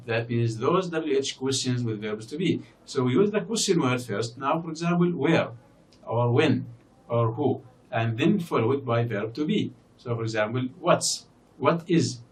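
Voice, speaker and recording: A man whose first language is Arabic, teaching a recorded English lesson and explaining slowly with many fillers and repeated example words. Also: medium pitch, lively intonation, recorded from a distance. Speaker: university English lecturer. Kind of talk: recorded distance-learning lecture.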